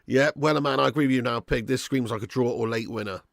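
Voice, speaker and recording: A young man hosting a live football watch-along, chatting and thanking viewers by name, with sudden bursts of excitement when chances come. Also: mid-range voice, fast, creaky, no echo, studio quality.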